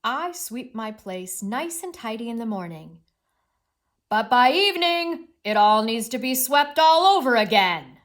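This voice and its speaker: A woman voicing an exasperated male mole from a storybook, complaining loudly to his neighbor. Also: a little high, big pitch swings, unhurried, hardly any pauses. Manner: loud, frustrated complaining.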